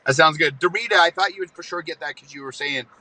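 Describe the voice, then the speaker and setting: A man's voice: a little high, fast, noisy background. A man hosting a live trivia stream, upbeat and playful as he reads questions, speaking from a vehicle. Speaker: trivia host.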